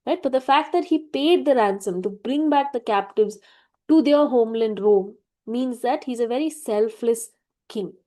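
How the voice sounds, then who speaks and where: A woman's voice: a little high, moderate pace, warm tone. A woman teacher giving a literature lecture, reading quoted lines and explaining them, with frequent "right?" check-ins to her students. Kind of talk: classroom lecture.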